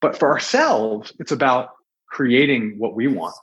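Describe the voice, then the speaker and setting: A man's voice: mid-range voice, animated, unhurried, a bit bright, slightly rough. Earnest thirtysomething man, muffled audio. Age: 30s. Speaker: podcast guest, coach. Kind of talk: reflective interview talk.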